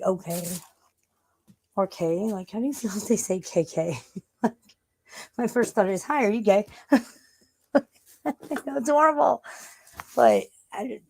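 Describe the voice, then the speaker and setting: A woman's voice: medium pitch, gravelly, a little mellow, rough recording. Gen x lady rambling on her stream, cussing a lot, faint hiss behind her. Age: 40s or 50s. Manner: chatty, swears a lot, scolds her cats fondly. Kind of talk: casual livestream chat.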